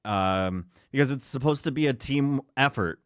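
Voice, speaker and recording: A man's voice: medium pitch, moderate pace, smooth, no echo, clean studio sound. A young man co-hosting a podcast, reading stories aloud between casual chat, swearing and joking at his own slips.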